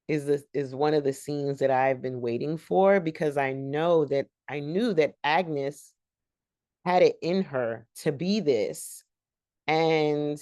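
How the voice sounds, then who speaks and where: A woman's voice: deep voice, warm tone, dry recording, clean studio sound. A woman hosting a casual, rambling TV recap and talking straight to her viewers as "y'all.". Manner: chatty, addresses viewers as y'all; long-winded and rambling. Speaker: TV show recap host.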